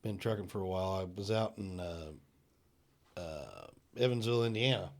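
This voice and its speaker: A man's voice: low voice, expressive, gravelly, darkish tone. Laid-back man recalling trucking days. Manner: laid-back, profane, halting. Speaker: podcast co-host, former truck driver. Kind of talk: casual storytelling chat.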